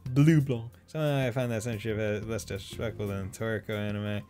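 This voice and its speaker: A man's voice: on the low side, fairly even intonation, a little fast, mellow, faint music behind. Rambling young streamer guy. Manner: rambling, laughing, full of fillers. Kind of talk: casual let's-play commentary.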